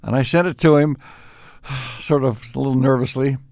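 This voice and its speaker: An older man being interviewed, recalling his life in unhurried stories with frequent restarts and small chuckles. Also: medium pitch, fairly even intonation, vocal fry, a little mellow, no echo, clean studio sound. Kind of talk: reflective storytelling.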